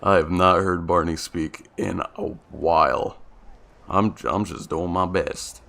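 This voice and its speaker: A young man streams a video game with casual commentary, his voice low, steady, slow, gravelly, and a bit bright. He's laid-back, laughs often, and hesitantly restarts his sentences.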